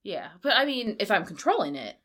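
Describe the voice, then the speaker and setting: A woman's voice: medium pitch, sing-song, fairly quick, pushed and bright. A woman in her thirties, a podcast cohost in casual chat, rambling with lots of "like" fillers. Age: 30s. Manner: rambling, filler-heavy with constant "like".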